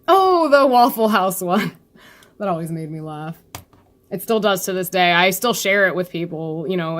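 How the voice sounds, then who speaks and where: Brief: a lively woman reviewer, chatty and giggly, reacting to a comic chapter in a casual, unfiltered way. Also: on the low side. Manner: chatty and animated, laughs often, swears casually.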